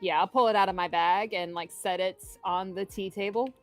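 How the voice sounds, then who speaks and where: A woman's voice: mid-range voice, fairly even intonation, moderate pace, faint music behind. Offhand woman player. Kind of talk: casual tabletop game chat.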